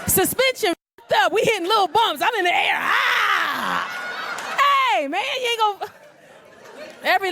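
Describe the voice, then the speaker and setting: Brief: high-voiced woman comic in her forties, brash and profane, crowd faint behind. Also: background noise. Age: 40s. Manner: brash, loud and profane storytelling, acting out voices. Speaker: stand-up comedian. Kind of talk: stand-up comedy set. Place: comedy club stage. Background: audience laughter.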